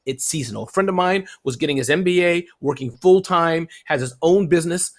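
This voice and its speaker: A middle-aged man in a relaxed interview chat, his voice a little higher than most men's. He talks with energy and often leaps upward in pitch when something excites him. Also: brisk, few pauses. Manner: lively, swings high when excited. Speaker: guest.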